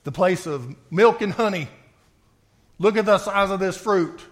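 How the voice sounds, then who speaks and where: A man's voice: high voice, a little slow. Emphatic male preacher. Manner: emphatic, swings between forceful outbursts and quiet reading. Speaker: pastor. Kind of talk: sermon with scripture reading.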